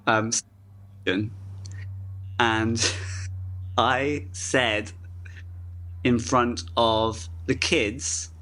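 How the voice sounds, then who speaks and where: A man's voice: medium pitch, steady tone, drawn-out words, pauses often, bright, forceful tone. A man from the UK who is an actor guest in a casual interview, chatty and self-deprecating, often laughing through his stories.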